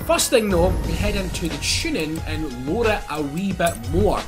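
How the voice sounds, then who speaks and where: A young Scottish man with a Scottish accent giving excitable, sweary gameplay commentary while driving a car in a racing game. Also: high voice, moderate pace. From Scotland. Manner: excitable, sweary, laughs often. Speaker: gaming YouTuber. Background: game engine and music.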